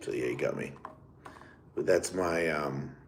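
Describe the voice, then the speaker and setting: A man's voice: very deep voice, measured pace, creaky, background noise. A man, hosting his podcast and telling a rambling, profane story in a casual monologue. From Australia. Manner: rambling, swearing, laughs often. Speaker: podcast host.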